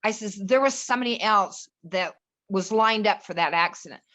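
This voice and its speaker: A woman's voice: mid-range voice, moderate pace, a bit bright. A middle-aged woman, a podcast guest, telling a personal story in an earnest, rambling way. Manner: earnest, rambling, restarts and quotes others. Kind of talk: casual storytelling chat.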